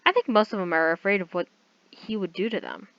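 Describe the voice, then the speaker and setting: A woman's voice: mid-range voice, brisk, no room sound. A woman casually reading a fan story aloud, stumbling and correcting herself with chatty asides. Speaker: story reader. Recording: dull lo-fi recording.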